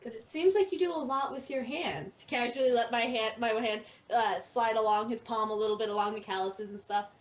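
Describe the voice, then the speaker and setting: A woman's voice: on the high side, fairly quick, hardly any pauses, recorded from a distance. A woman playing a character in a tabletop game, playful and giggly. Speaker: player.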